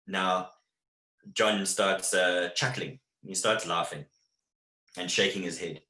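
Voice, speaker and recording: A man's voice: sits low, steady tone, slow pace, bright, forceful tone. A man, a wildlife photographer, tells a vivid anecdote in a webinar talk, with many fillers and restarts. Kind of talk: storytelling presentation. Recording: echoey room.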